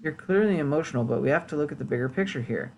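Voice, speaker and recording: A man voicing a calm, reasoning male military leader in a game. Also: on the high side, rapid-fire, vocal fry, slight background noise, low-quality recording. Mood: cautious.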